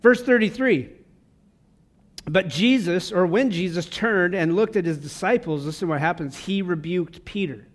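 High-voiced fervent male pastor. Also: normal speed. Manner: fervent, conversational preaching with casual asides. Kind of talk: sermon. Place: church service.

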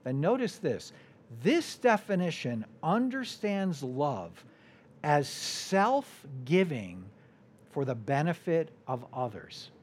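A man with an American accent preaching a sermon as a guest preacher, deliberate, his voice sinking soft and low at the ends of phrases. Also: sing-song.

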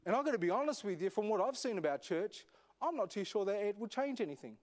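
A man's voice: high-pitched, big pitch swings, fast talker. A man, a senior pastor, preaching a sermon in a conversational way, often asking the congregation questions. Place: echoey church hall.

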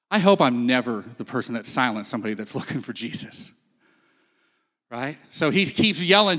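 A man's voice: mid-range voice, animated, moderate pace, a bit bright. Man preaching in a big reverberant hall. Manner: casual, storytelling, acts out quotes. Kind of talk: sermon-style talk. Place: stage in a large hall.

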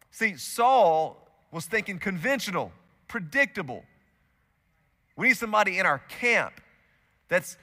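A male pastor with a fairly high, forceful voice preaches a sermon in a church auditorium. He tells the story with energy and acts out the quotes in it. His voice carries a long reverb from the large hall. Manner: lively storytelling with acted-out quotes.

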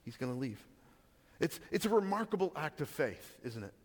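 A man's voice: on the high side, very animated, normal speed. A pastor giving a conversational sermon, asking the listeners questions and restarting his sentences. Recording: long reverb of a hall.

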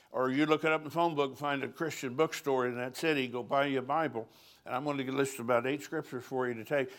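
At a conference, an older pastor preaches in a folksy, storytelling style, chuckling between his lines. His voice is mid-range and fairly bright.

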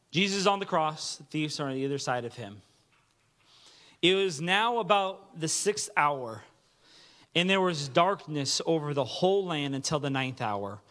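A man preaching a sermon with earnest delivery, dropping to a hush when he reads quoted words. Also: on the high side. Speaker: pastor.

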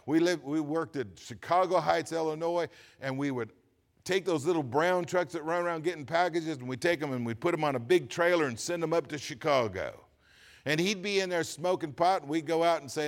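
A pastor preaching a sermon, swinging from quiet asides to loud, emphatic lines. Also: male voice, on the high side, expressive, normal speed.

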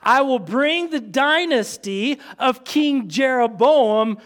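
A man preaching a sermon in a conversational, animated way, with quick asides to the congregation. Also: very high-pitched.

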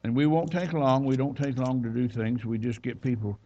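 A man's voice: mid-range voice, flat delivery, a little fast, dark tone, highs cut off. A man preaching a sermon as a visiting minister, folksy and conversational with plenty of asides. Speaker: guest preacher. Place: church.

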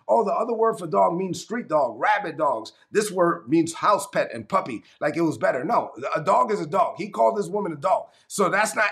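Gravelly, high-voiced New preacher. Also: male voice, fairly bright tone. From Brooklyn, New York. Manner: emphatic, repetitive, conversational. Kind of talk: livestreamed sermon.

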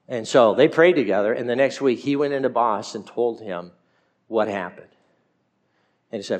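A man preaching a sermon as pastor, telling folksy stories with jokes and slowing down to stress his points. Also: mid-range voice, expressive. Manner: storytelling, folksy and joking.

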